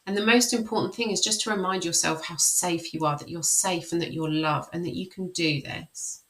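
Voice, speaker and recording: A woman life coach leading a guided tapping session. She speaks slow, repeated affirmations, then explains the method in a friendly way. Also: fairly low pitch, fairly bright tone, poor audio.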